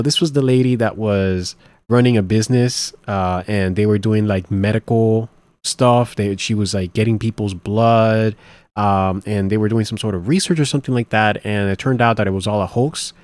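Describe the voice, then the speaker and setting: A man's voice: on the low side, a little mellow, no room sound. A man hosting a reaction video, talking casually and rambling as he thinks aloud with many restarts. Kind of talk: casual commentary.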